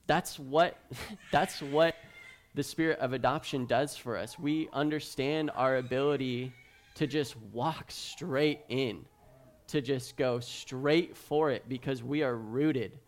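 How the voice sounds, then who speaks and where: A young man preaches in a relaxed, conversational way, filling his talk with "like" and small restarts. His voice sits in a middle pitch. He acts out the people in his stories with lively energy. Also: measured pace. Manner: animated storytelling, many fillers like "like". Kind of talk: casual sermon.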